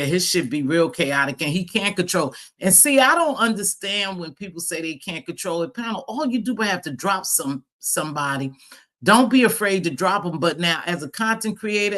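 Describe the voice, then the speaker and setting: A woman's voice: fairly low pitch, fairly bright tone. A woman hosting a casual live chat stream, speaking bluntly and profanely, laughing often and greeting viewers as she talks. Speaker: livestream host.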